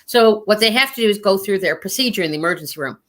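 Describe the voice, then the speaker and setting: A woman telling a story in casual conversation. She rambles, stops and restarts often, and laughs her way through the details. Her pitch sits in the middle range. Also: expressive, fairly bright tone. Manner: rambling, halting with fillers, laughing through stories. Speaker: guest, standardized patient actor.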